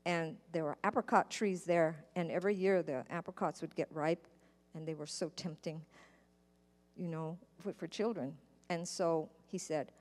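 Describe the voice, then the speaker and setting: A woman's voice: low voice, steady tone, moderate pace, darkish tone. A woman telling a story to children in church, speaking patiently and asking her listeners questions. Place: church sanctuary. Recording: church live stream with long hall reverb.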